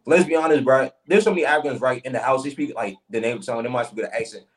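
A young man in a heated group discussion, making his case emphatically and saying "bro" often. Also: medium pitch. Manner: fast, emphatic, peppered with "bro". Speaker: debate participant.

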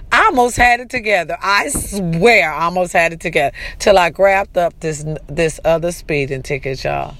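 An animated woman, chatting to her audience with a casual, encouraging energy. Her voice is bright and forward. The sound is close and dry, with no room echo. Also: fairly low pitch, a little slow, hardly any pauses. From California. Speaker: vlogger. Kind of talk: casual motivational talk to camera.

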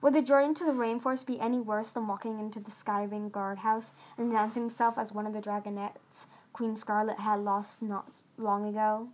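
A woman's voice: mid-range voice, flat delivery, a little fast, hardly any pauses, darkish tone. A woman reading a novel chapter aloud, earnest, with occasional stumbles and restarts. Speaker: audiobook reader.

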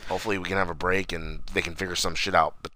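A man's voice: low-pitched, fairly even intonation, rapid-fire, bright, forceful tone. A young man co-hosting a podcast in casual chat, crude and joking with plenty of profanity. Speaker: podcast co-host.

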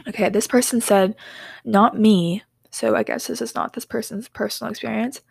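A young woman hosting a casual podcast, reading listener stories and rambling into her own tales, often dropping into soft whispers and giggly apologies. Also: a little high, steady tone, normal speed, creaky, breathy edge, no room sound, studio quality. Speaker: podcast host.

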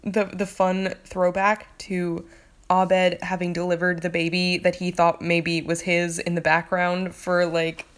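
Woman, lowish voice, loose enthusiastic fan commentary, full of fillers. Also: level tone, a little slow. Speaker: TV episode reviewer. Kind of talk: casual, rambling commentary.

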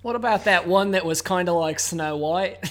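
A man's voice: high voice, normal speed. A man guesting in a casual chat, dry and sarcastic, swearing freely.

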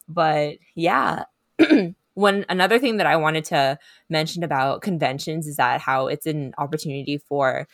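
A woman's voice: low-pitched, dry recording, studio quality. A woman co-hosting a casual podcast chat, earnest and rambling, often laughing between thoughts. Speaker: podcast co-host.

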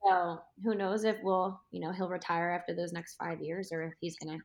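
Young woman, podcast guest, chatty, casual interview talk, quick laughs. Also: fairly low pitch, level tone. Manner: chatty, warm and laughing often.

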